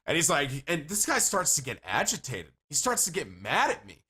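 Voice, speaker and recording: A man livestreaming, telling rambling stories to his chat in a casual, animated way and swearing freely. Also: high-pitched, normal speed, breathy edge. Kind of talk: casual storytelling to stream chat.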